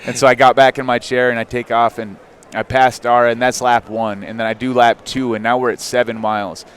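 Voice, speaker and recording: A man in his thirties, a podcast guest, telling a personal story in a candid, animated way with frequent fillers. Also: medium pitch, fairly quick, slight background noise. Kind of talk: casual storytelling.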